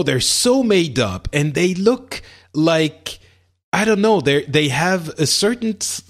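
A man co-hosting a podcast in casual chat, asking questions and laughing easily. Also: fairly high pitch. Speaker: podcast co-host.

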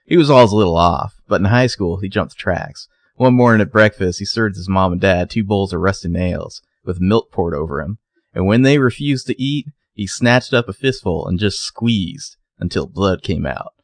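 A man voicing an older grandmother who tells a lurid family story in a deliberately bad mock Southern accent. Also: sits low, dry recording. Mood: rambling.

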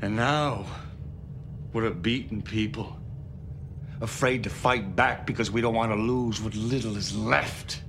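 Gul Dukat: a brooding, gravelly alien commander. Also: male voice, lowish voice, steady tone. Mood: brooding defiant. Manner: slow, brooding, defiant speech. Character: proud, bitter Cardassian military commander. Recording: TV clip with clear background noise.

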